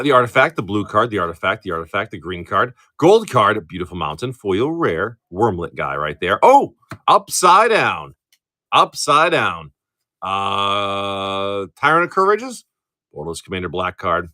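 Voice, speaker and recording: A middle-aged card breaker chats on a live stream in a lively, profane way, laughing easily. His voice sits on the low side, and his talk rambles with frequent restarts.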